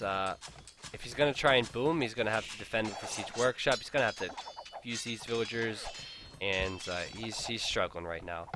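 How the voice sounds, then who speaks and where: A man's voice: mid-range voice, bright, forceful tone, a little hiss or hum. A man giving live play-by-play commentary on a strategy game match, chatty and openly incredulous, laughing at the players' blunders. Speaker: game caster.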